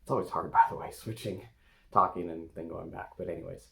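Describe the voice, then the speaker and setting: Soft-spoken, creaky low-voiced man. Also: steady tone, noisy background. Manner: hesitant and gentle, with many pauses and fillers; talks softly to an inner part with his eyes closed. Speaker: eating coach and video host. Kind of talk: demonstrating a guided meditation to camera.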